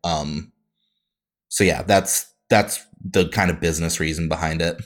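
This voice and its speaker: Deep-voiced, dry, sarcastic man. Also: fairly even intonation, unhurried. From Midwest United States. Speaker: podcast co-host. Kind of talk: casual chat.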